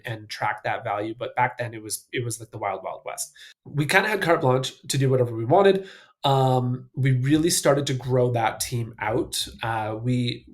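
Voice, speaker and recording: A middle-aged man talking casually as a podcast guest, full of fillers and restarts. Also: mid-range voice. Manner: rambling with many fillers and restarts. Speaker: podcast guest, marketing founder. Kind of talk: casual interview talk.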